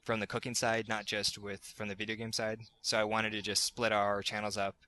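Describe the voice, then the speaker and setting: A man's voice: fairly low pitch, monotone, fairly quick, bright, forceful tone. A man hosting a casual gaming podcast, rambling a little and often restarting his sentences. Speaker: podcast host.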